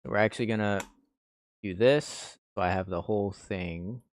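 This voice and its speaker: A man with a lowish voice talks at normal speed while making music on a stream. As he mixes, he muses aloud in relaxed slang, trailing off into half-finished thoughts.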